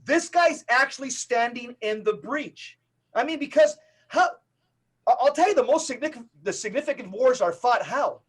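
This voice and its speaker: Very high-voiced emphatic man. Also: expressive, a bit bright, breathy edge. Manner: emphatic, preacher-like rapid-fire delivery. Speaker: Catholic evangelist guest. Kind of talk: podcast interview.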